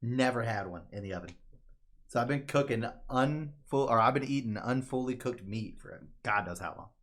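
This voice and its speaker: A man's voice: mid-range voice, normal speed. A man co-hosting a podcast in casual chat, telling long rambling, profane stories with lots of energy. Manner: rambling, profane, animated storytelling. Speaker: podcast co-host.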